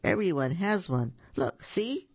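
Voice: mid-range voice, sing-song, unhurried, husky, dry recording. A storyteller voicing a kind, cheerful monster boy who coaxes a friend out to play, on a dull lo-fi recording. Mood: friendly. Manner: coaxing, cheerful.

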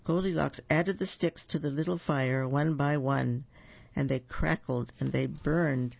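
A man's voice: mid-range voice, steady tone, measured pace, vocal fry, a little mellow, highs cut off. A man reading a picture book aloud, adding playful asides as he tells the story.

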